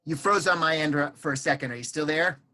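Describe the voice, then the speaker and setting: A man hosts an interview over a video call, chatty and encouraging as he asks his guest to say more. His voice is bright and forward, pitched a little high for a man. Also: fast talker, faint music behind. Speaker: interview host, musician. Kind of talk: casual interview.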